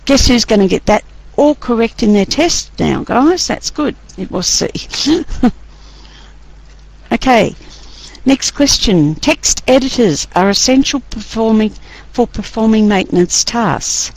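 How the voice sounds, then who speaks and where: A woman lecturer talks her class through a quiz and lesson at an unhurried pace. Her voice has a gravelly, creaky edge. She is chatty and teasing. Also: on the high side, expressive, a little mellow, poor audio. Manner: chatty, teasing, laughs often.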